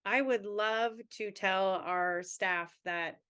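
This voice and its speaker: A woman's voice: medium pitch, slow, a bit bright, clean tone. A woman in her thirties, a teachers' union president, answering questions at a town hall in an earnest, candid way with long run-on thoughts.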